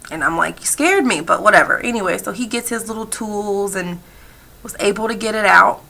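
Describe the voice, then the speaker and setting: Bright, gravelly woman voicing a signed story. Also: mid-range voice. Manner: halting, repetitive phrasing with frequent "like". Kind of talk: voicing a personal story from sign language.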